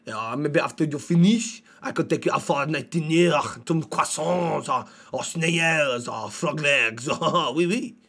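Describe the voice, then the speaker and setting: A man putting on a hammy, clichéd French accent to play a flirting Frenchman in a role-play game, halting with fillers. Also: on the high side, a bit bright, slightly rough, heavily acted. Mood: flirty.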